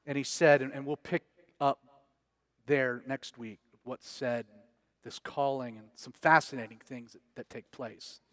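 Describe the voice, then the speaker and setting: A man's voice: medium pitch, fairly even intonation, measured pace, fairly bright tone, dry recording. A man preaching a casual verse-by-verse sermon as pastor, conversational and joking with slang asides.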